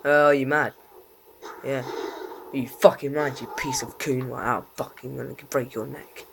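A man commentating his own gameplay, raging, swearing and yelling at opponents. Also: mid-range voice, fairly even intonation, a little slow, creaky, a little hiss or hum. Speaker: gaming channel host.

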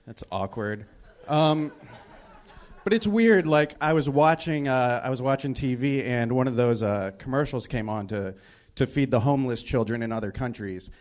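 A man's voice: medium pitch, normal speed, a little mellow. A young man doing stand-up in a small club, with an awkward, hesitant delivery full of fillers. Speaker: stand-up comedian. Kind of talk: stand-up comedy set.

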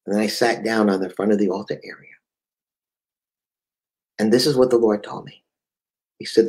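A man's voice: fairly low pitch, fairly even intonation, normal speed, pauses often, poor audio. A man with a New England accent preaching a fervent sermon, often stammering and repeating words.

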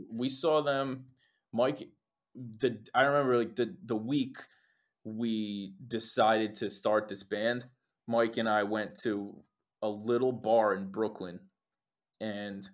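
A young man from New Jersey, a singer and guest, telling stories in casual chat, swearing often and acting out what others said. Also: on the low side. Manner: animated storytelling, swears, acts out quotes.

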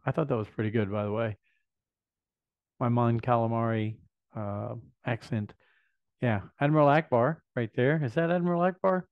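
A man's voice: medium pitch, moderate pace, clear, resonant tone, dry recording. Chatty man unboxing, dry dull sound. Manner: enthusiastic, chatty fan talk with thinking-aloud asides. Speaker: vlog host. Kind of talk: casual unboxing chat.

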